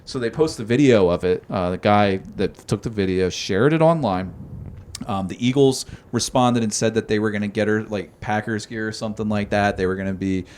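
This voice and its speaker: A man's voice: on the low side, brisk, darkish tone. A man from South Jersey on a podcast, recounting a story in a chatty, profane, casual way.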